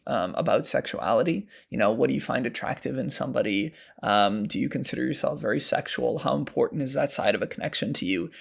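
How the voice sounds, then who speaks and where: A male dating coach talks through a question in a relaxed, conversational way, dropping plenty of "um"s and "like"s. His voice has a noticeable gravelly fry at mid pitch. The delivery is unscripted and loose. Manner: casual, conversational, frequent "um" and "like". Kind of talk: advice monologue answering a question.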